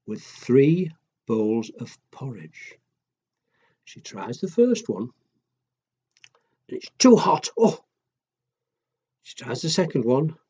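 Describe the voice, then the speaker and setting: A man telling a children's story in a gentle, exaggerated storytime way. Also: medium pitch, slightly rough, dull audio.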